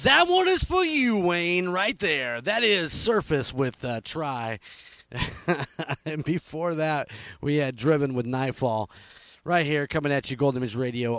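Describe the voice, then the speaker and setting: A man's voice: a little high, no room sound. A man hosting a casual radio show from a studio, rambling with lots of fillers and chuckles. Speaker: radio host.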